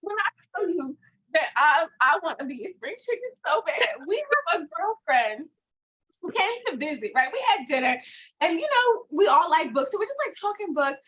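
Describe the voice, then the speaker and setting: A woman co-hosting a book podcast, chatting excitedly and laughing often. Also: very high voice, moderate pace, rough recording. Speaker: podcast co-host. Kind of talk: casual chat.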